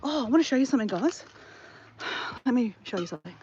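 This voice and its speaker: An Australian woman chatting casually and excitably to viewers on a live stream, recorded outdoors on a phone. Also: a little high, fast, slightly rough, muffled recording. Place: outdoors after a walk.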